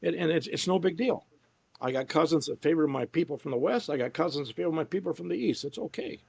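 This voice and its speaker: A man's voice: a little high, lively intonation, quick pace, a little mellow. A man being interviewed, talking casually and telling stories, often quoting people he met. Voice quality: gravelly, husky. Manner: storytelling, quoting others in voices. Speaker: interview guest, researcher.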